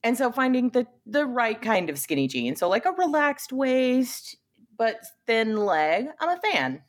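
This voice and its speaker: Lively, animated woman podcast co-host. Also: a little high, unhurried. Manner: animated, laughs often, swears casually. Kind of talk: casual chat.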